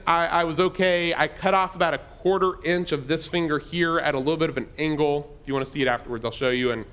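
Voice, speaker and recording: A man's voice: fairly high pitch, a bit bright. A middle-aged man pastor telling a personal story in a conversational, self-deprecating sermon.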